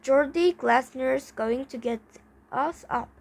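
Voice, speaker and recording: A woman's voice: high-pitched, slow pace, creaky, heavily acted. A woman reading aloud, voicing an eager, scheming schoolboy skater in a storybook with an upbeat, persuasive manner.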